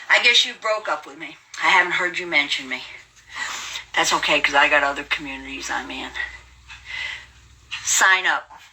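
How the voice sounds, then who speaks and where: Brash woman in her seventies, bright voice. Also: low-pitched, slight background noise, poor audio. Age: 70s. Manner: brash, taunting, profane. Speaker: livestream host. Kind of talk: casual livestream rant.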